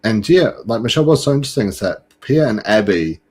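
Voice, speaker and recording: A man's voice: lowish voice, lively intonation, quick pace, darkish tone, breathy edge. A man hosting a casual fan podcast, talking in a chatty way with many fillers and restarts. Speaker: podcast host.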